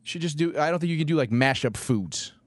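A man's voice: fairly high pitch, lively intonation, brisk, no room sound, clean studio sound. A man co-hosting a casual podcast, laid-back and profane, tossing out ideas. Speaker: podcast co-host. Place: small podcast studio.

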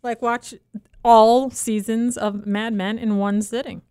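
A woman co-hosting a podcast in casual chat, teasing and laughing often, animated when she retells things. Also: a little high, takes it slowly, clean tone, no room sound, studio quality. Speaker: podcast co-host, nurse.

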